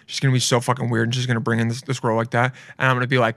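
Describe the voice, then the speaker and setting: A man's voice: mid-range voice, monotone, racing, fairly bright tone, no room sound, studio quality. A man hosting a podcast in a casual, rambling way, swearing freely and joking as he reacts to clips. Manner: rambling, profane, jokey. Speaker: podcast host.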